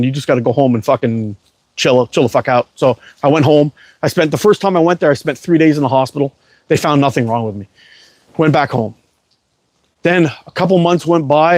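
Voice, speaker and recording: Middle-aged man, profane rambling storyteller, bit higher pitch, dry close mic. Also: no room sound. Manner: profane, rambling, repeats words. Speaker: livestream host. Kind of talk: casual storytelling monologue.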